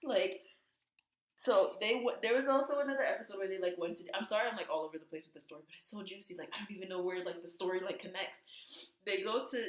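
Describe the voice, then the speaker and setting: A woman co-hosting a casual podcast, telling gossip and acting out quotes in high voices. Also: fast talker. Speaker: podcast co-host. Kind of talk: casual chat. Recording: echoey room.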